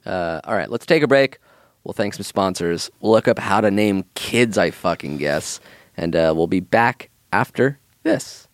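A man's voice: deep voice, expressive, unhurried, no room sound, studio quality. A man co-hosting a comedy podcast in casual chat, reading an ad with goofy asides. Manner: goofy, breaks into sing-song bits. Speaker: podcast co-host.

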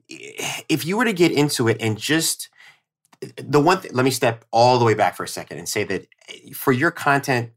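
A man's voice: mid-range voice, fairly bright tone. Chatty New York man, rambling. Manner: rambling, many fillers and restarts. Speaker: podcast guest, content strategist. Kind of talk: casual chat.

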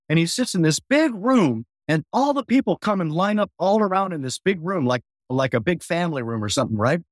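Lively storytelling man, dry close sound. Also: dry recording. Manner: lively storyteller, acts out voices and hums bass lines. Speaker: podcast guest musician. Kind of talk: animated storytelling.

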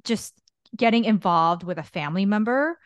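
A woman's voice: medium pitch, expressive, normal speed. A woman with a mid-range voice co-hosting a casual podcast. She responds with empathy and talks expressively, and the sound is close and dry with no room echo. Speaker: podcast co-host.

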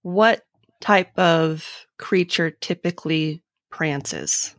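A woman's voice: low voice, very slow, a bit bright, dry recording, studio quality. A woman hosting a podcast, running a casual quiz segment in a playful, teasing way. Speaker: podcast host.

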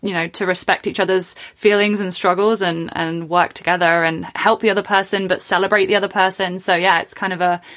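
Female podcast host, mid-pitched, chatty and affirming, casual interview style. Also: fairly even intonation, a little fast, hardly any pauses, fairly bright tone.

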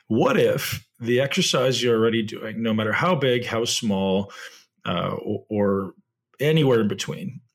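A middle-aged man hosting a solo podcast speaks with a slightly low, husky voice. He talks earnestly and reflectively, tossing in rhetorical questions and correcting himself mid-sentence. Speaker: podcast host.

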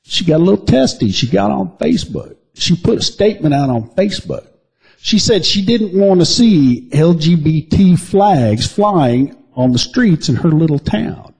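A man's voice: on the high side, animated, normal speed, vocal fry, darkish tone, slightly rough. A man co-hosting a crude comedy news podcast, rambling and teasing with mock outrage. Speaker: podcast co-host.

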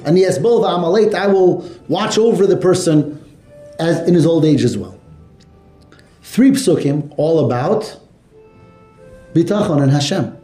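A man with a fairly high, mellow voice teaches a Torah lesson, retelling a story with animation and throwing questions to his students. The recording sounds roomy, with echo off the walls of a classroom. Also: unhurried, long pauses, soft background music. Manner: animated, asks the class questions, mixes Hebrew and Yiddish terms.

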